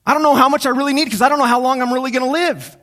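A man preaching a sermon to his congregation in a church. He moves between hushed, slow reflection and raised, urgent exhortation, and he repeats key phrases for emphasis. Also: very high-pitched, fairly even intonation. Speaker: pastor.

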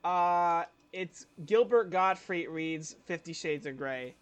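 A young man co-hosting a casual podcast, his voice sitting high for a man. He rambles, restarts his sentences and leans on filler words. The sound is close and dry, with no room around it. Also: clear, resonant tone, no echo. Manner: rambling, full of "like" and restarts, breaks into quick voice impressions. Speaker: podcast co-host. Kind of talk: casual chat.

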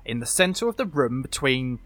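A man narrating a tabletop game as game master, animated and laughing easily. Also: mid-range voice, moderate pace.

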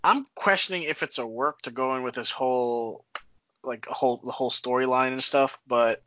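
A man co-hosting a casual podcast, steering topics with animated, halting talk. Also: mid-range voice, dry recording. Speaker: podcast co-host. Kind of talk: casual chat. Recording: dull lo-fi sound.

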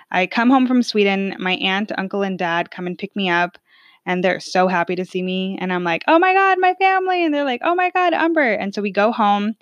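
Twenty-something woman rambling through a personal story, chatty, mid-pitched voice, dry mic. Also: fairly bright tone, no room sound, highs cut off. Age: 20s. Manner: chatty, many fillers like "like" and "um". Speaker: podcast host telling a personal story.

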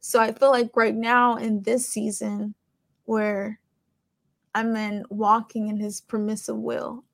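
Young woman host, raspy fry in a slightly high voice, chatty and rambling, dry close sound. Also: little pitch movement, slow pace, dry recording. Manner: conversational, rambling, with many fillers. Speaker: podcast host. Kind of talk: casual faith testimony.

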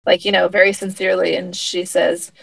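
A woman casually recapping a TV episode with a friend, retelling scenes with quick acted-out quotes and laughter. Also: fairly low pitch, little pitch movement, gravelly, a bit bright, no echo, poor audio. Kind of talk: casual chat recapping a TV show.

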